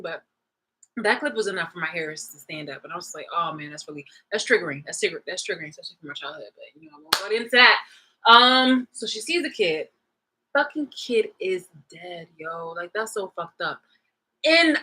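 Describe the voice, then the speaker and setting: A woman's voice: mid-range voice, sharp tone, rough recording. A woman vlogger in a casual, rambling, profane monologue, retelling a movie clip with bursts of laughter.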